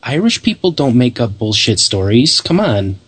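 A man's voice: mid-range voice, sing-song, moderate pace, a bit bright, husky. A man co-hosting a paranormal radio talk show, telling stories in a laid-back, rambling way and swearing casually. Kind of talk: casual chat and storytelling.

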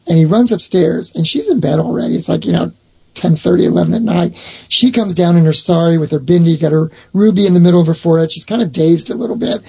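Husky gravelly middle-aged man telling a story. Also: on the high side, quick pace, mellow. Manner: rambling, restarts sentences. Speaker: owner of a haunted box, guest. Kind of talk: storytelling in a casual chat.

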